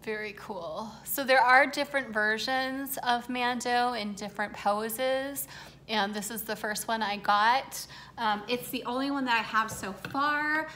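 A woman's voice: fairly high pitch, a little slow, sharp tone, slight background noise. A woman showing off her collection in a casual, gushing, sentimental vlog, laughing often. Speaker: collector vlogger. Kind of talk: casual show-and-tell vlog. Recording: roomy room echo.

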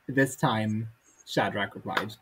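A man's voice: fairly low pitch, takes it slowly, noisy background. A man co-hosting a podcast, reading a comic text aloud and dropping dry, wry asides. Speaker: podcast co-host.

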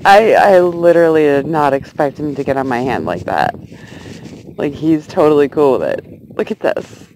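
A woman's voice: low voice, expressive, normal speed, darkish tone, slight background noise, poor audio. A woman vlogging outdoors at night on her phone, gushing and giggling as she coaxes a grasshopper onto her hand. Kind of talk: excited casual vlog. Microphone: handheld phone camera.

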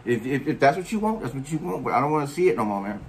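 Male vlogger, mid-pitch voice, scolding and mocking rant style with faint music behind. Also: very animated, racing. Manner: scolding, mocking, heavy slang and cursing. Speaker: commentary vlogger. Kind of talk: profane reaction rant.

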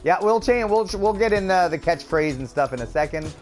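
A man's voice: sits high, animated, brisk, a little mellow, faint music behind. A man from Canada chatting upbeat with viewers as a gaming streamer, laughing often. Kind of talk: casual let's-play commentary.

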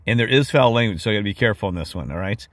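A man hosting a video, talking excitedly and repeating himself as he comments on a clip. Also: lowish voice, rapid-fire, dry recording. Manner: excitable, repetitive, with frequent restarts. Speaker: video host. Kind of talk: casual commentary.

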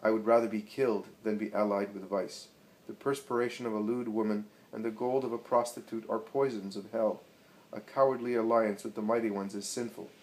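A man's voice: fairly low pitch, steady tone, brisk, natural voice, poor audio. A man reading as Jesus, stern and solemn. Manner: solemn, forceful declaiming. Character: Jesus, a stern commanding male teacher.

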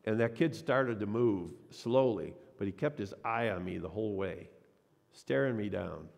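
Gravelly-voiced pastor preaching in a reverberant church. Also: male voice, fairly low pitch, moderate pace, a little mellow. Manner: storytelling preacher, acts out quoted voices. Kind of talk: sermon. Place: church sanctuary.

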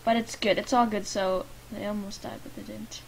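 A woman from Lithuania with a Lithuanian accent, giving chatty gameplay commentary and talking to the game characters, at times muttering and at times loudly protesting. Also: mid-range voice, steady tone, normal speed, vocal fry, slight background noise. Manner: chatty, talks to the game characters, swings from mumbling to loud protests. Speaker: gaming YouTuber. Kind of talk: life-sim gameplay commentary. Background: faint game music.

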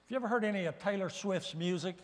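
A man preaching a guest sermon in a church, animated and swinging from loud bursts to hushed asides. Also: high-pitched, quick pace. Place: church sanctuary. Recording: reverberant church hall.

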